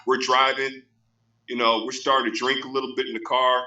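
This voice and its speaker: A man's voice: mid-range voice, flat delivery, brisk, pushed and bright, highs cut off. A man hosting a casual podcast, telling stories animatedly and repeating his phrases. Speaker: podcast host.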